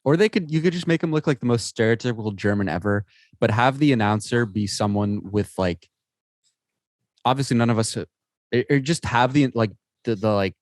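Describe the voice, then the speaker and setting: Low-voiced man rambling in casual chat. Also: lively intonation, brisk, no room sound. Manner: rambling, stop-start, frequent restarts and fillers. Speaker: podcast co-host.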